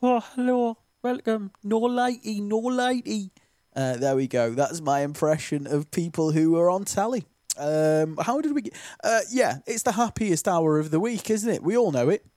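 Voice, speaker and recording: A man's voice: a little high, expressive, moderate pace, a little mellow, dry recording, studio quality. A man from the presenting a morning local radio show, chatty and jokey, with lots of ums and uhs. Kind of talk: breakfast radio chat. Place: radio studio. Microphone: studio microphone.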